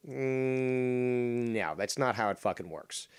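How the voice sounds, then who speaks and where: A man's voice: medium pitch, takes it slowly, hardly any pauses, clean tone, no echo, studio quality. A man hosting a drama commentary show, combative and profane as he mocks a rival's clip.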